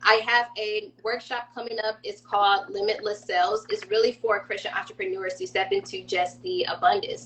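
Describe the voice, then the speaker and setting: A woman joins a casual live chat as a guest, speaking in an effusive, emotional way. Her voice sits at a middle pitch. A faint hiss runs under the audio. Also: a bit bright, low-quality recording. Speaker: guest, business coach.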